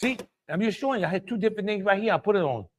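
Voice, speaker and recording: A man's voice: high-pitched, lively intonation, very fast, background noise. A man with a Louisiana accent hosting a casual live cooking stream, chatty and exclamatory, greeting viewers by name and laughing often. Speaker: cooking show host.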